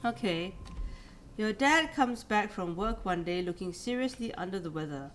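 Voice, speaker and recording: A woman's voice: medium pitch, animated, moderate pace, slight background noise. Chatty woman streamer reading a game aloud. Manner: chatty, laughs at herself. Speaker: streamer playing a story game.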